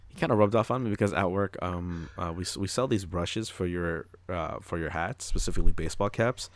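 A man's voice: deep voice, brisk, no echo. A man chatting casually and telling a story, acting out voices and swearing as he goes. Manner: storytelling with acted-out voices, swearing, laughing often. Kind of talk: casual chat.

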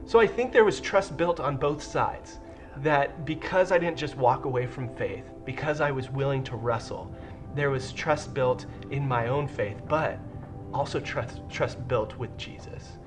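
A man in his thirties giving an earnest, heartfelt personal testimony in a studio, pausing and restarting as he goes. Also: medium pitch. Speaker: church member sharing a testimony. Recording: faint music behind.

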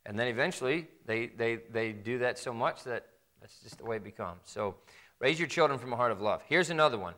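A man preaching a sermon in a conversational way, acting out parents and children in quick quoted asides. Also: mid-range voice, animated, bright, forceful tone. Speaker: pastor.

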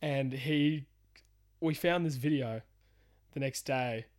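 A man's voice: mid-range voice, slow, darkish tone. A young man telling a travel story in casual podcast chat, laid-back, swearing often and laughing as he talks. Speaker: podcast co-host.

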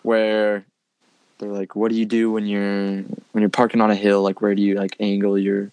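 A man's voice: on the low side, monotone, moderate pace, a little mellow, clean tone, dry recording. A young man telling a long personal story in casual chat, rambling, with many fillers like "like" and "dude". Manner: rambling, filler-heavy, says "like" and "dude" often.

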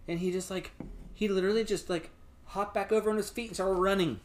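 A man's voice: high voice, fairly even intonation, fast. Casual young guy, rambling and profane, easygoing conversational delivery. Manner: loose, profane, rambling storytelling. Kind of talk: casual chat.

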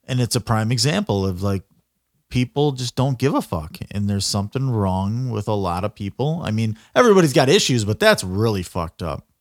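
Man hosting a relaxed chat, lively pitch. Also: moderate pace, no echo, studio quality. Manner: relaxed, reacting and laughing along. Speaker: podcast host. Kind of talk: casual chat.

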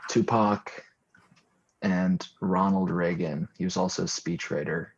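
A young man with a low, slightly husky voice, chatting casually on a podcast. He rambles through stories and slips into deadpan made-up tales. The recording sounds dull and lo-fi. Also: unhurried.

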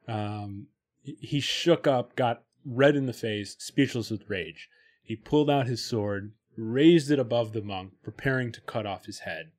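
A man's voice: mid-range voice, unhurried, a little mellow. A man hosting a podcast, talking casually and at length with frequent fillers, sometimes reading passages aloud. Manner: talkative, many fillers and restarts, reads passages aloud. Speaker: podcast host. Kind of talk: casual chat about spirituality.

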